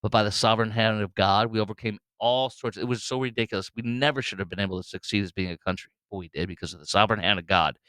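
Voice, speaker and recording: A man's voice: lowish voice, quick pace, hardly any pauses, a bit bright, smooth, no room sound. A man hosting a solo political commentary show, talking bluntly and mockingly with frequent fillers and restarts.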